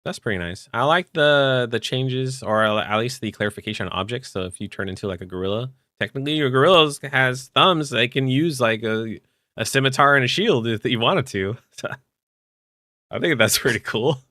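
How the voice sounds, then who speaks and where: A man co-hosting a podcast, chatting casually about tabletop game rules with relaxed fillers. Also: mid-range voice, moderate pace, no echo, clean studio sound. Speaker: podcast co-host.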